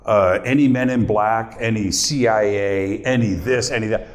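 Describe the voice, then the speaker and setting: A middle-aged man hosting in front of a live audience speaks at a moderate pace in a voice on the low side. Choked up and almost crying, he keeps it casual and personal, chatting with the crowd.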